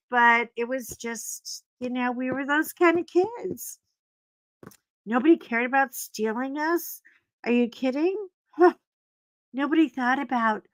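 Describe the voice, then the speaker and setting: A chatty woman hosts a casual livestream from home, rambling between stories and stopping to coax her dogs. Her voice sits on the high side. The desk mic gives a dry, close sound with no room echo. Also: measured pace, fairly bright tone. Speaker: livestream host. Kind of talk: casual livestream chat while coloring.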